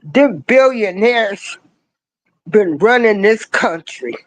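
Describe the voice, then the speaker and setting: Slow, emphatic older woman ranting. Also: animated, no room sound, low-quality recording. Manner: emphatic, hammering repeated rhetorical questions; slangy, swings between rising cries and low asides. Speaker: online commentator. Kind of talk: ranting political commentary.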